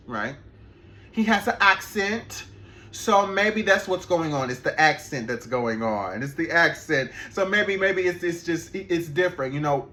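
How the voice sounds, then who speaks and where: A man, an animator, telling a story in a casual, animated vlog, laughing and swearing as he goes. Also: a little high.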